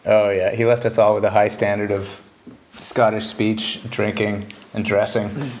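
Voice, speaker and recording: A man being interviewed over a remote call, trading dry, deadpan jokes. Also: fairly low pitch, unhurried. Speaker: guest. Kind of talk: casual remote interview chat. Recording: remote call with faint noise.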